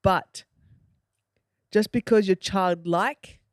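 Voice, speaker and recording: Animated podcast host, dry close sound. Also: medium pitch, slow, dry recording. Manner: animated, acts out quotes, asks "you know?". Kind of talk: casual reflective film discussion.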